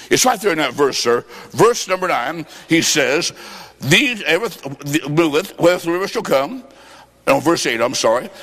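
A man preaching a revival sermon with folksy stories, impassioned and shouting at the peaks. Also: on the high side. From Illinois. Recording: echoey hall with long reverb.

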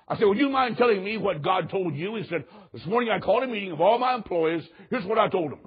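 A preacher with a high, husky voice tells a story from the pulpit, rising to shouts and then dropping low. The sermon recording sounds dull and lo-fi. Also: male voice, fast, few pauses. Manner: animated storyteller, swings from loud to hushed.

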